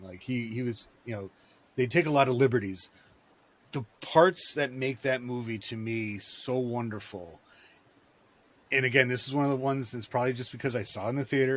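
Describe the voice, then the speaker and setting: A man's voice: medium pitch, fairly bright tone. A man in casual podcast chat, telling rambling, digressive stories.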